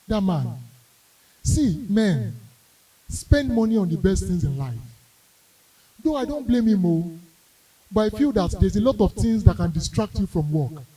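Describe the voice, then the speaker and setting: A young Nigerian comedian with a Yoruba-flavored accent spins his stories in a high, bright voice. He acts out the characters, swinging from quiet asides to shouted wails. He sounds a little distant from the microphone. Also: husky. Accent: Nigerian English with Yoruba. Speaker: stand-up comedian. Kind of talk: storytelling stand-up comedy.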